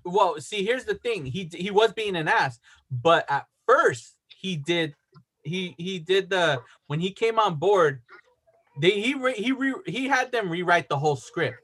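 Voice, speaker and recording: A man's voice: high-pitched, animated, unhurried, a bit bright, slightly rough. A man co-hosting a podcast, talking in casual chat and rambling with many restarts while he reads facts aloud. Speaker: podcast co-host.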